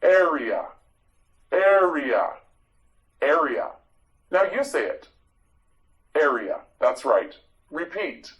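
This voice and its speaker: A man teaching English vocabulary to learners, repeating each word clearly and praising patiently. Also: on the high side, big pitch swings, extremely slow, long pauses, a bit bright, highs cut off. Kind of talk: vocabulary drill lesson for learners.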